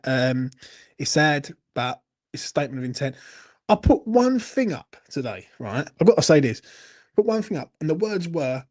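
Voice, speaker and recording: A fan channel host with a fairly high, slightly mellow voice chats through a late-night live Q&A. He's tipsy, swearing and ranting, mixed with laughing banter.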